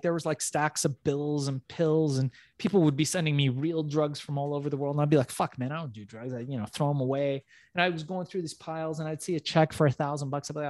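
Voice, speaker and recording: A man's voice: a little high, darkish tone, no room sound. A man hosting a casual talk, telling stories in a brash, profane way. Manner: brash storytelling, heavy swearing. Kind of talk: casual conversation.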